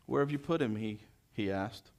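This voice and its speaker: A lowish-voiced man preaches with animation at a normal speed. He reads scripture verse by verse and expounds on it, moving between loud proclamation and hushed quiet.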